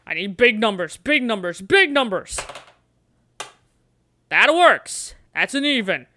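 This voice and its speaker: A woman's voice: fairly high pitch, sing-song, takes it slowly, sharp tone, a little hiss or hum. A woman streamer playing a gamebook on a livestream, chatting playfully and coaxing the dice.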